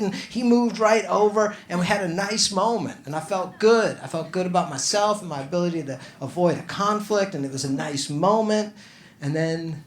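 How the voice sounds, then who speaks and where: A male stand-up comedian on a comedy club stage, talking conversationally and building to loud exasperated outbursts. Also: high-pitched, moderate pace. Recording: echoey club room with noisy ambience. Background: audience laughter.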